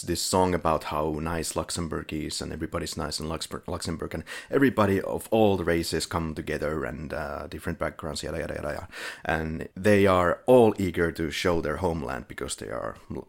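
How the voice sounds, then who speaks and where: A man with a very low voice co-hosts a casual film podcast. He walks through short-film plots in a relaxed, dryly sarcastic way and chuckles now and then. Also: vocal fry. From Finland. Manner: laid-back, chuckles while reviewing, dry sarcasm. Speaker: podcast co-host. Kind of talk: casual film review chat.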